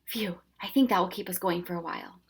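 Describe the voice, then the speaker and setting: A woman's voice: fairly low pitch, fast, husky. A woman doing a jolly old professor. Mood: jovial. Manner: jovial, coaxing, loud exclamations. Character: cheerful elderly male professor, joke-loving captain.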